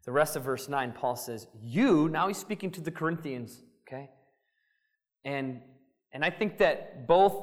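A male pastor preaching a sermon in a conversational, emphatic way, often checking in with "right?". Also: fairly high pitch. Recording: long reverb of a large hall.

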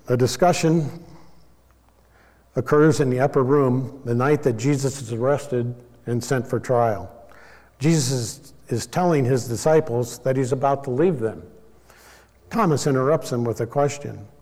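Male preacher, mid-pitched, teaching in a calm, explanatory way; reverberant hall. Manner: measured, explanatory, with small self-corrections. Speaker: Bible teacher. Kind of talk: sermon.

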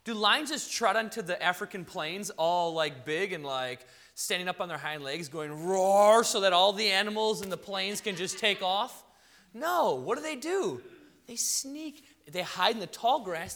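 A male pastor delivers a sermon in a bright, high voice that swings up and down with real animation. He talks conversationally, throwing out rhetorical questions and slipping into quoted voices.

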